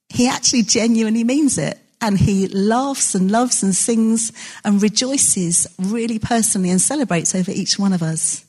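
A woman preaching to her church in an easy, chatty manner. Her voice has a soft, breathy, slightly husky edge and sits at an ordinary middle pitch. She leans on light self-deprecating stories. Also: moderate pace. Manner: warm, conversational, self-deprecating storytelling. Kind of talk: sermon.

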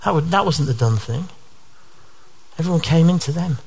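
A man's voice: a little high, animated, normal speed, vocal fry, slight background noise. A male preacher giving a sermon to his church in an earnest way, often posing rhetorical questions.

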